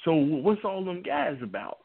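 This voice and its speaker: A man in casual panel talk, rambling and halting, often repeating himself. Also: high voice, sing-song, creaky, breathy edge. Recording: phone-like lo-fi audio.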